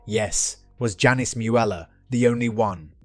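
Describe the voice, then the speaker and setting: A man reading the lines of a sharp, questioning wife in her forties in a dry, plain voice. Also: fairly low pitch, unhurried, no room sound. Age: 40s. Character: upset middle-aged wife, woman.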